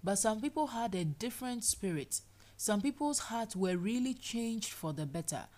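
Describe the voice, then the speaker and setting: A woman preaching a sermon, animated, acting out people's complaints in playful voices. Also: fairly high pitch, normal speed.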